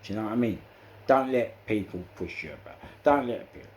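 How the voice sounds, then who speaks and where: A man with a London accent recounting prison episodes in animated storytelling, acting out the exchanges and often saying "you know". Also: lowish voice, a little fast. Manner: acts out quoted exchanges, frequent "you know" fillers. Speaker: interviewee recounting prison life.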